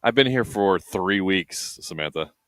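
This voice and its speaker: A man's voice: low voice, expressive, unhurried, a bit bright, dry recording. A man from the United States co-commentating a live race broadcast in casual, playful banter. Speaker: livestream co-commentator.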